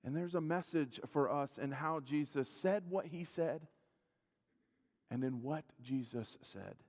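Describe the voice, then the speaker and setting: An earnest male pastor preaching in a church sanctuary. He asks the congregation direct questions, swells for emphasis and then sinks into low, quiet lines. His voice is a fairly high male voice, carried by a long hall reverb. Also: a little slow. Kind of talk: sermon.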